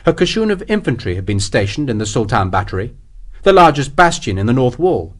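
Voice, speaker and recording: A man reading an audiobook in steady, measured scripted narration. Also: medium pitch.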